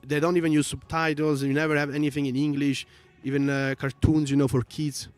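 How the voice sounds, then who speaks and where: A man's voice: fairly high pitch, flat delivery, fairly quick, soft background music. A man from Italy, a native Italian speaker with a strong Italian accent, chatting casually on a livestream in a rambling, earnest way with many fillers. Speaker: stream co-host. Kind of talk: casual chat.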